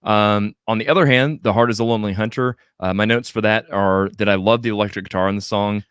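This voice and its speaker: A man's voice: lowish voice, steady tone, quick pace, fairly bright tone, clean tone, dry recording, studio quality. A man in his thirties hosting a casual music podcast, talking in a rambling way with lots of fillers. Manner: rambling, filler-heavy, enthusiastic. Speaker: podcast host.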